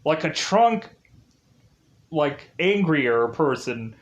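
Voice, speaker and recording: A man's voice: fairly high pitch, lively intonation, measured pace. A man reviewing a video game, recapping its story in a rambling, casual way full of "like" fillers. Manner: rambling, heavy use of "like" fillers.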